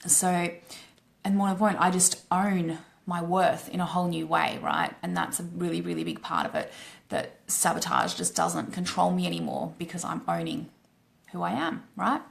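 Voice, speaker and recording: A woman coach with an Australian accent giving a blunt, casual live-stream pitch, swearing freely and tagging her points with "right?". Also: animated, moderate pace, gravelly.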